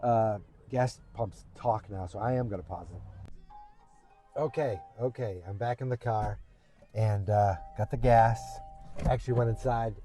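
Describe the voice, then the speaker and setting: A man's voice: lowish voice, steady tone, measured pace, warm tone, faint music behind, poor audio. A man hosting a podcast, chatting casually while driving and recapping an episode in a rambling way. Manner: rambling, acts out quotes in raised voices. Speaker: podcast host. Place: car.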